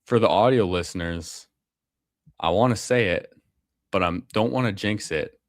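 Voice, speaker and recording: A man's voice: lowish voice, normal speed, dry recording, studio quality. A man streaming a fantasy football draft, talking casually and slangily with viewers. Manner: casual, slangy, calls people bro and man. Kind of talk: casual live commentary.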